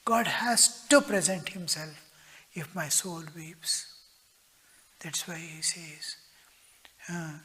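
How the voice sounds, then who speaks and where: Male monk teacher, high voice, unhurried spiritual talk that sinks to whispers, long hall reverb. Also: pushed and bright. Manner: slow, earnest, dropping to whispers. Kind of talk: spiritual discourse.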